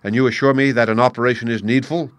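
A man's voice: medium pitch, steady tone, quick pace, no echo, lightly acted. A man reading a cool, cautious surgeon. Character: calm, cautious male surgeon.

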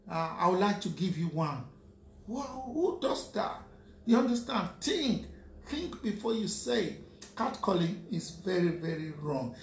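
Nigerian male radio co-host, slow lecturing delivery, roomy echo. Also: fairly high pitch, creaky. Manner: lecturing, keeps asking "you understand?". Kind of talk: radio talk commentary. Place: radio studio. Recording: echoey room with faint hum.

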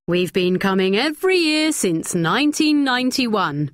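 A woman's voice: medium pitch, big pitch swings, a little slow, dry recording, clean studio sound. A woman voicing a friendly, chatty older woman on holiday.

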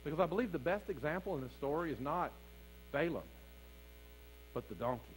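Fervent high-voiced preacher. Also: male voice, expressive, fairly quick, slight background noise, low-quality recording. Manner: preaching with rising fervor, calls to the congregation. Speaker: pastor. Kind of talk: sermon. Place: church sanctuary.

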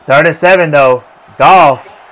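A man giving a casual, excitable play-by-play reaction to football highlights, full of slang and repeated phrases. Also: takes it slowly. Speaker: sports reaction vlogger.

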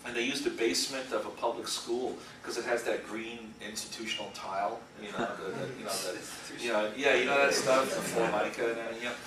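A man's voice: medium pitch, steady tone, a little fast, few pauses, a loud crowd. A middle-aged man giving a casual guest lecture as an animation storyboard artist, rambling through anecdotes, laughing often and acting out quotes. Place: school lecture room. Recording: echoey room, distant mic, faint hiss.

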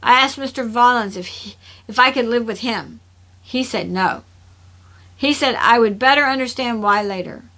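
A fiercely proud young woman, bitter and defensive, her voice bright and on the high side, as a woman reads her lines. She keeps everyone at arm's length. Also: moderate pace. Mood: hurt.

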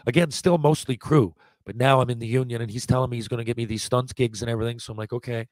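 A man's voice: medium pitch, fast talker, no echo. Man in his forties telling stories. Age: 40s. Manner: animated anecdote-telling, acting out quotes, frequent restarts. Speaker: podcast guest, former hockey player. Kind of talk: casual storytelling.

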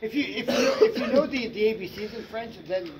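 A man's voice: high-pitched, brisk, distant mic, a loud crowd, poor audio. A man chatting casually with friends, stumbling over and repeating his words. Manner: repeats and stammers words, counts in French. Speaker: channel host. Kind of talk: casual group chat.

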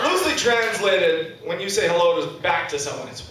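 A man's voice: sits high, expressive, fairly quick, few pauses, a bit bright, recorded from a distance. A man in his thirties doing a stand-up comedy set, self-deprecating, profane and wry. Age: 30s. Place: comedy club stage, indoors. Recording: echoey club audio from afar with audience laughter.

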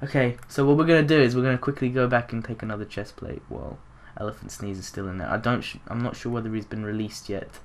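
Young man, gaming YouTuber, rambling excitable commentary with gasps and giggles. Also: medium pitch, quick pace, hardly any pauses, slight background noise. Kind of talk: casual gameplay commentary.

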